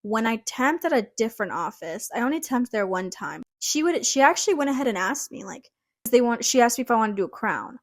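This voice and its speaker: A young woman telling a story in a casual vlog about her job as a dental assistant, chatty and animated, acting out what people said. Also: on the high side, brisk. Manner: chatty, animated, acts out quotes.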